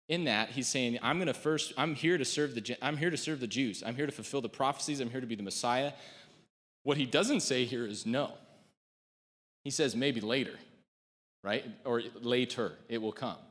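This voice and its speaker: A man's voice: medium pitch, normal speed, a bit bright. Conversational man preaching in a reverberant hall. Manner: conversational, joking asides, acts out quotes. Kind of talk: sermon.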